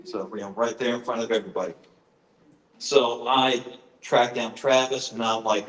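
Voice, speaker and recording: A man's voice: on the low side, steady tone, normal speed, fairly bright tone. A middle-aged man telling personal stories in a conference talk, earnest, with frequent fillers. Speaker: author giving a presentation. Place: conference hall. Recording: echoey conference hall.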